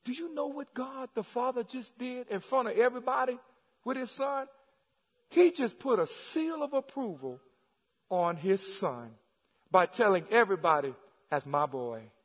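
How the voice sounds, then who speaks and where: A man preaching a sermon to his congregation, calling out to the crowd and building to shouts. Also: very high voice, moderate pace, slightly rough, big-room sound. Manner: preaching with rising shouts and call-and-response. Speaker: pastor. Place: church sanctuary.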